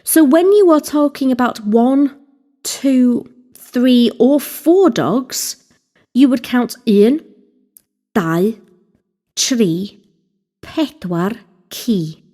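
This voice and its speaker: Woman tutor, mellow higher voice, deliberate scripted lesson delivery. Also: expressive. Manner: slow, deliberate, spelling out vocabulary. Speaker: Welsh language teacher. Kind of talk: scripted instructional narration.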